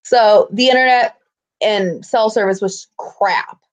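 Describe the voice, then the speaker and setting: A woman's voice: medium pitch, slow pace. A woman in casual chat, telling a story bluntly and animatedly, swearing freely.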